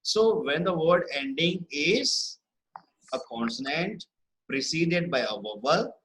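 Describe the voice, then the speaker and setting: A man leads an online spelling lesson in a bright, ringing voice pitched a little high. He explains with patience, says example words over and over, and keeps asking "right?" to see whether the class follows. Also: lively intonation, slow, low-quality recording. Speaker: English spelling teacher.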